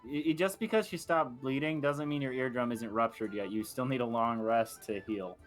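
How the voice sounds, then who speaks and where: Game master guy, plain mid voice, just states the rules, soft music behind. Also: mid-range voice, normal speed. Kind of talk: casual rules talk.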